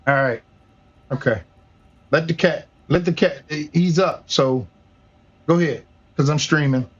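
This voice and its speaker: Profane high-voiced man streaming at home. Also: a little slow, husky, highs cut off. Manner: profane, loose, talks to family off-mic while streaming. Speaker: flight sim streamer. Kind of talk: casual livestream chat. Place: home gaming room.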